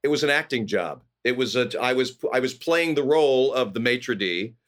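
A middle-aged man from California, a guest actor telling animated stories in casual conversation, often acting out quoted voices. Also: medium pitch, moderate pace. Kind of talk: casual storytelling.

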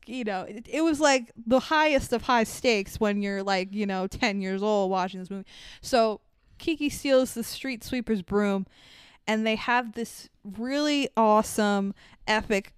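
A young adult woman casually recapping a movie, animated and swearing, acting out scenes with sound effects. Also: medium pitch, smooth, no room sound, clean studio sound. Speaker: podcast co-host.

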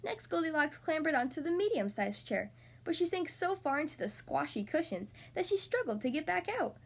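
A woman hosting a podcast, reading a storybook aloud to young children in an expressive, animated way. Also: sits high, fairly quick, vocal fry.

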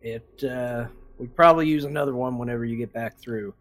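A game master voicing a blunt, rough-spoken male barkeeper. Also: medium pitch, fairly quick, fairly bright tone, natural voice.

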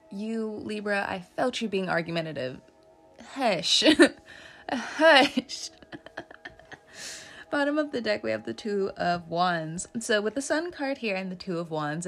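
A woman's voice: lowish voice, vocal fry. A woman giving a casual tarot reading, chatty and joking, laughing often and swearing now and then. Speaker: tarot reader.

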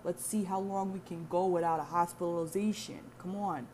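A woman's voice: fairly low pitch, steady tone, fairly quick, a little mellow, a little hiss or hum, lightly acted. A woman putting on a short, tough Italian man from Staten Island with a New York Italian-American accent, barking a brash pep talk. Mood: pumped. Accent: New York Italian-American, put on.

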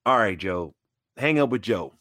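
A man in his forties, a retired basketball player, telling a story in an animated way and acting out the people he quotes. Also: normal speed. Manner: acts out quoted voices, jumping high and dropping low.

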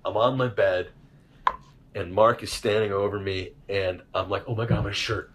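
A man's voice: lowish voice, moderate pace, background noise. A man hosting a casual chat, telling a story with lots of laughter and acted-out voices. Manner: animated, laughing, acts out voices in his stories. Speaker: host.

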